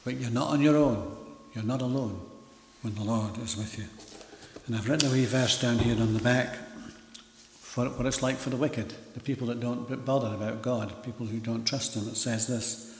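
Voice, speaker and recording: A man's voice: medium pitch, fairly even intonation, normal speed, slight background noise. Older man, lay preacher, earnest and emphatic, ringing hall sound. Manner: earnest, emphatic, with rising and falling loudness. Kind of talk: sermon. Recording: echoey hall.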